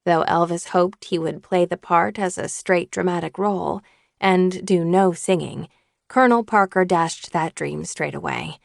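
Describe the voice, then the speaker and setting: A woman narrating an audiobook in a steady scripted reading. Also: lowish voice, unhurried, gravelly, no room sound, studio quality.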